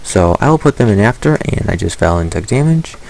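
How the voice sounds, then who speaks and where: A man's voice: lowish voice, very animated, brisk, gravelly, a little mellow, slight background noise, low-quality recording. A man giving casual let's-play commentary, playfully talking to the animals in the game. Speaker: gaming commentator.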